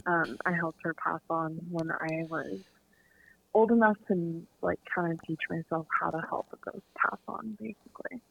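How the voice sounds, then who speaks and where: Gravelly-voiced young woman, relaxed chat. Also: on the low side, normal speed, no room sound, lo-fi sound. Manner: relaxed, many fillers and likes. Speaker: medium, podcast guest. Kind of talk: casual chat.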